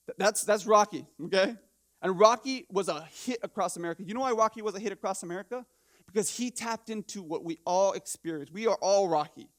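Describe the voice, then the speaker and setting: A man preaching a sermon as pastor, animated and conversational, firing rhetorical questions and stumbling into restarts. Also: high-pitched, brisk. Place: church.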